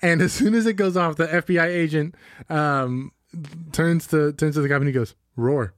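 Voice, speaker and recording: A man's voice: on the high side, fairly even intonation, normal speed, clean tone, no echo, clean studio sound. A young man co-hosting a casual podcast chat, telling stories animatedly with acted-out quotes. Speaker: podcast co-host.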